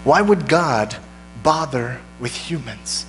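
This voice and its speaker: A man's voice: on the high side, normal speed, a bit bright, slight background noise. A man preaching a sermon in a casual, conversational way, often putting questions to his congregation. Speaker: pastor. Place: church sanctuary. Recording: long church hall reverb.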